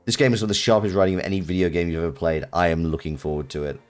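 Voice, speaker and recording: A man's voice: low voice, fairly even intonation, racing. A British man streaming a video game live, reacting with amused laughter. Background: faint game music.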